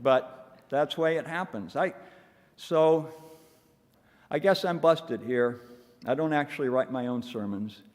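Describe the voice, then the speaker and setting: A man's voice: mid-range voice, a little slow, pauses often. Wry, self-mocking male minister in a hall. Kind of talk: sermon. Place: church sanctuary. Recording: long hall reverb.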